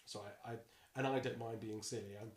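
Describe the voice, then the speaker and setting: A man with a bassy voice, a dungeon master chatting casually as a podcast guest, playful and animated, often slipping into quick character voices. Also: echoey room.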